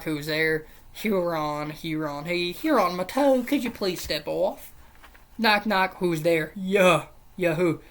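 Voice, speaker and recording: A channel host reading a joke book aloud, casually, in a deadpan question-and-answer rhythm with weary, sarcastic asides. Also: medium pitch, slight background noise.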